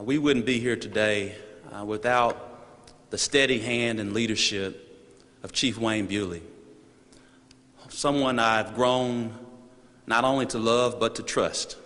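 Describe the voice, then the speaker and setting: A man with a mid-pitched voice speaks as mayor at a press conference. His delivery is measured and formal, each phrase steady. The sound carries a long echo from a large hall. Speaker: city mayor. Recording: reverberant hall.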